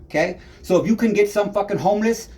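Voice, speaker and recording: A man with a high, darkish-toned voice speaks at a quick pace as he rants angrily to his handheld camera while filming a neighbor. The vlog is agitated and rambling, peppered with constant swearing.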